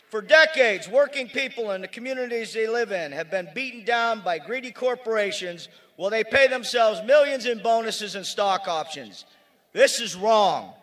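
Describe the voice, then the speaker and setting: A man from Erie, Pennsylvania, a union speaker giving a rousing rally speech outdoors, shouting his slogans. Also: high-pitched, expressive, normal speed.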